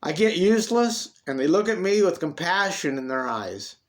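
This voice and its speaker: Man doing a gruff proud old cowboy, bitter about getting old, voice a bit high. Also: very animated, moderate pace.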